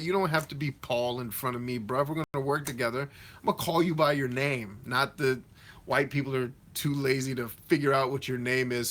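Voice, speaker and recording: With a mid-range, fairly bright voice, a man hosts a relaxed livestream Q&A. He reads viewer comments out loud and responds directly, keeping things slangy, conversational, and coach-like in a motivational way.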